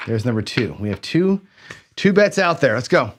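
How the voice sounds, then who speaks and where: A man hosting a gambling channel talks loosely into a desk mic as he plays, in an ordinary middle-pitched voice. He is chatty and self-correcting, repeating words for emphasis. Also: big pitch swings, moderate pace, background noise. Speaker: craps channel host. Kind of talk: casual livestream commentary on a dice game.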